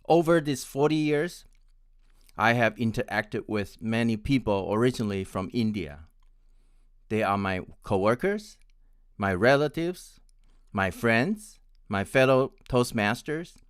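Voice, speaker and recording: A man in his sixties from Taiwan, an English pronunciation coach, teaching in a deliberate way and spelling words out letter by letter. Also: medium pitch, smooth, dry recording, studio quality. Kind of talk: scripted teaching.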